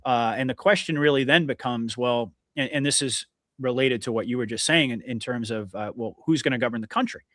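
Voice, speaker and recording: A man's voice: medium pitch, a little fast, a bit bright, no room sound, clean studio sound. A man hosting a podcast interview, talking in an earnest, emphatic way with many restarts. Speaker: podcast host. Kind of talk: casual conversational interview.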